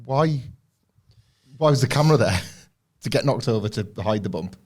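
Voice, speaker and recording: A man co-hosting a podcast, chipping in with sarcastic quick remarks. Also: mid-range voice, lively intonation, darkish tone. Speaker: podcast co-host. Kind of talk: casual chat.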